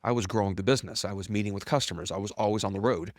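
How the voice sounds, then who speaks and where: A middle-aged man, a company founder, telling his story candidly as a podcast guest, bluntly and with self-deprecating humor, acting out quoted dialogue. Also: very fast. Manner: animated, acts out quoted dialogue with big pitch jumps.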